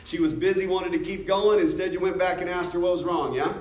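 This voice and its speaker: A man with an American accent, his voice high-pitched and brisk with a darkish tone and fairly even intonation, leads a church discipleship class. His informal teaching is conversational: he asks the class questions, jokes, and laughs. The recording is echoey, picked up from a distance.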